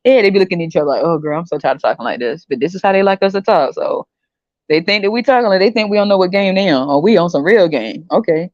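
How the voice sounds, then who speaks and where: A woman's voice: mid-range voice, animated, fast, darkish tone, dry recording. A woman from the United States hosting a podcast, talking bluntly in slangy, mocking casual commentary. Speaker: podcast host. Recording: dry, slightly dull recording.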